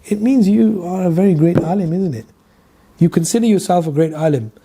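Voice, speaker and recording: A man teaching a religious lesson as a lively storyteller who acts out each character's lines. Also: high-pitched, a little fast, background noise. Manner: animated storyteller, acts out dialogue, laughs often. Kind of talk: storytelling lecture.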